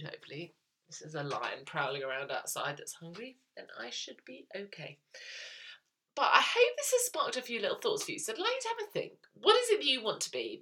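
A woman talks through her solo lifestyle podcast in a loose, rambling way, full of ums and quick asides. Her voice is bright and forceful but sits fairly low, and she sounds a little tired. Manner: chatty, rambling, with frequent ums and laughs. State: yawning, tired. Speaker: lifestyle coach podcast host. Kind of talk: casual solo podcast monologue.

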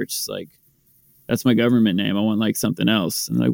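A man co-hosting a podcast, telling a joking, animated story in casual chat. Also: lowish voice, fast talker, gravelly, dry recording, studio quality. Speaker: podcast co-host, rapper.

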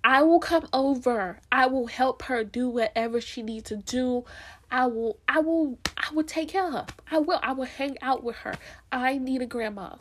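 A woman's voice: sits high, normal speed, a little hiss or hum. A young woman from Florida talking straight to camera in a casual, heartfelt monologue, earnest and emphatic, repeating her points and laughing easily. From Florida, USA. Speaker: vlogger.

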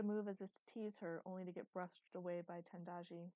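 Mellow, lower-voiced woman narrating. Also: level tone, brisk, few pauses, no room sound. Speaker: audiobook narrator. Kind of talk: scripted narration.

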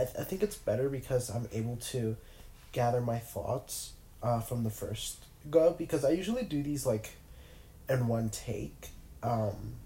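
Nasal, sick young man with a mellow voice. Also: medium pitch, reverberant, poor audio. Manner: rambling, filler-heavy, self-interrupting. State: sick with a cold. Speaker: podcast host. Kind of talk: casual solo chat. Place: in bed at home.

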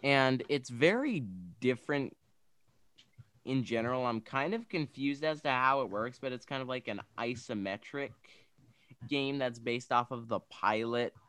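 A man's voice: mid-range voice, measured pace, a bit bright, smooth, no room sound. A young man co-hosting a casual podcast, talking enthusiastically and rambling with frequent restarts. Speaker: podcast co-host. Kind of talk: casual podcast chat about games.

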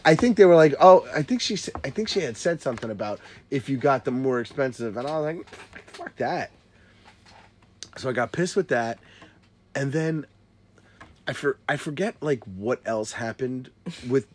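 A man's voice: medium pitch, expressive, moderate pace, slight background noise. A man in his thirties telling a story in casual chat, swearing a lot and restarting his sentences often. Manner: profane, rambling with many restarts.

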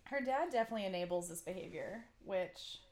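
A woman's voice: medium pitch, lively intonation, noisy background. A woman co-hosting a podcast in casual chat, enthusiastic and giggling as she talks. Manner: giggly, enthusiastic, drawn-out delivery. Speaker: podcast co-host.

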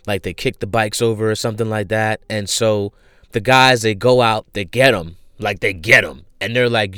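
A man casually retelling a show he recommends, animated and full of fillers. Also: on the low side, normal speed, clear, resonant tone, dry recording, clean studio sound. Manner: animated storyteller, many fillers.

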